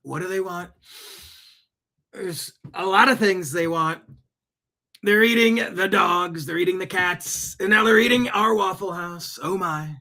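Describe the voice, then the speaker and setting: A man's voice: sits high, a little slow, sharp tone, pitched above the performer's own voice, full character voice. A man doing an impression of a boastful older politician, with rambling, emphatic, repetitive phrasing.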